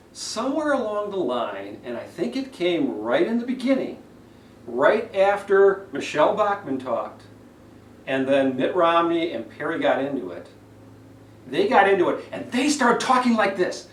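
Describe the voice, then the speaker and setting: A male public speaking coach delivers a speech evaluation lesson, demonstrative and animated. His voice sits a little high and swings widely in pitch. The recording is roomy and distant, with the mic set well away from him. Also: slight background noise. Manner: animated, demonstrative, with vocal examples.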